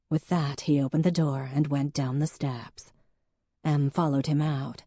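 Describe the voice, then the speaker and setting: Low, mellow woman reading an audiobook. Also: steady tone, measured pace, no room sound, clean studio sound. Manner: voices characters with rising pitch and force in heated dialogue. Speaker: audiobook narrator. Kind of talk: scripted audiobook narration.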